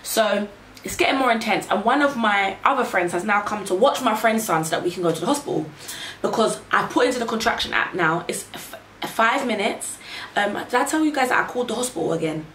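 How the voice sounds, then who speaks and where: A young woman vlogger casually telling a story, animated and chatty, leaning on "like" and "literally". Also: mid-range voice, fairly quick. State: pregnant. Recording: roomy, distant mic, faint hiss.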